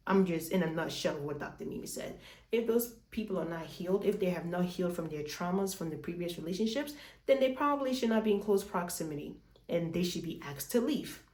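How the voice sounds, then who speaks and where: A woman's voice: on the low side, echoey room. A woman recapping a reality show in casual chat, swearing freely and acting out the dialogue. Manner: animated, swears freely, retells scenes with dialogue. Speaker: recap host.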